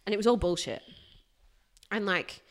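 A woman, a guest recounting a hard workplace experience in a candid, animated way. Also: mid-range voice, moderate pace. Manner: animated, emphatic retelling with bursts of loudness. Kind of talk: candid personal storytelling.

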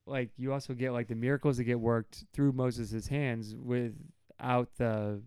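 A man in his thirties co-hosts a casual Bible study chat. He has a smooth, resonant voice on a dry, close recording. He talks with animation and throws himself into acted-out quotes. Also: mid-range voice, a little slow, no room sound. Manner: animated, acts out quotes with sudden loud jumps. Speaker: podcast co-host.

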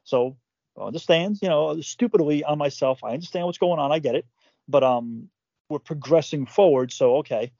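Animated swearing man with a slightly high voice. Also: normal speed, gravelly, no echo, muffled recording. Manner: animated, swears freely, repeats words, acts out quotes. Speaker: podcast co-host telling his story. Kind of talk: casual profane storytelling.

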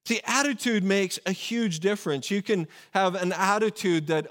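A man's voice: high-pitched, normal speed, hardly any pauses, fairly bright tone. A man preaching a sermon in a conversational way, often asking rhetorical questions and correcting himself. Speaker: pastor.

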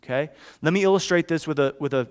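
A man with a high voice delivers a sermon in a loose, conversational way. He drops to near-hushed tones when telling a story, then rises to loud, emphatic declarations. He often restarts and checks in with listeners. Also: quick pace, clear, resonant tone. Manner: conversational preaching with frequent restarts and check-ins. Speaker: pastor.

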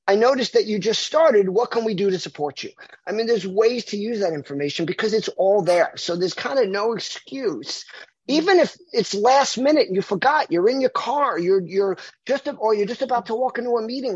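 A man's voice: sits high, slightly rough, no echo. A man from the United States, a marketing consultant, talking animatedly as a guest in a casual interview, often restarting his sentences. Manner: animated, repeats words when restarting. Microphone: video call. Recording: dull lo-fi video call audio.

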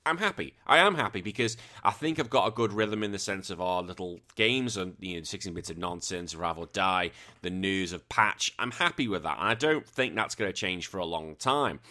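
A man's voice: lowish voice, animated, fairly quick, bright, forceful tone. A man with a British accent hosting a retro gaming podcast, rambling in a chatty, self-deprecating way. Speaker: podcast host. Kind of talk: casual podcast monologue.

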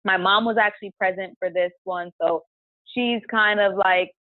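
Over a tinny, dry phone line with no echo, a woman speaks at medium pitch and normal speed with fairly even intonation. As a podcast guest she chats through a personal story, saying "like" constantly and reenacting her own past words.

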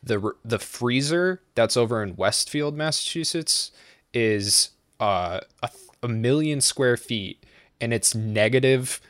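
A man's voice: mid-range voice, unhurried, a bit bright, no echo. A man from the East Coast of the United States hosting a podcast, rambling casually with lots of fillers and swearing. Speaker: podcast host.

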